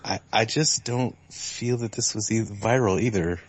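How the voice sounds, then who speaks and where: A young man with a very low voice chatting about games on a podcast. He stumbles over his words and restarts his sentences, and his language is blunt and crude. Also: unhurried. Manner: stammering, crude, repeats himself. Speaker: podcast co-host. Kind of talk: casual gaming chat.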